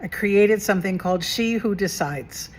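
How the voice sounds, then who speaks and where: A woman's voice: mid-range voice, moderate pace. A woman talking straight to her viewers in a casual self-help vlog as a mentor, chatty, asking rhetorical questions and repeating phrases for emphasis. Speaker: mentor and coach.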